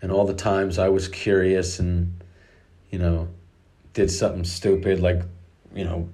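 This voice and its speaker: A man's voice: low-pitched, little pitch movement, measured pace, dark tone. A middle-aged man casually telling a personal story about his daughters, rambling with many restarts and the odd curse.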